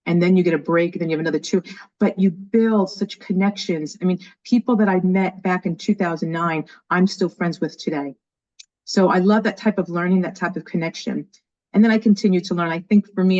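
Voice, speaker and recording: A woman in her fifties from New York, with a New York accent, talking as an enthusiastic, energetic guest in an interview. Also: lowish voice. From New York, USA. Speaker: guest, education leader. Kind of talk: casual interview chat. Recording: dull lo-fi audio.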